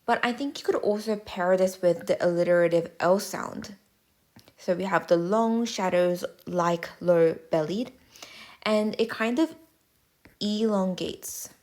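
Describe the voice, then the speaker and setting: A woman tutor giving a measured, clear, step-by-step explanatory voice-over lesson. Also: mid-range voice, darkish tone.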